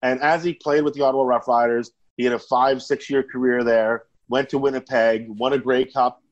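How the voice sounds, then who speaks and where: A man's voice: medium pitch, normal speed, lo-fi sound. A man telling long, profane stories as a guest in a casual chat. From Canada. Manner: profane, rambling, animated. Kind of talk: casual storytelling.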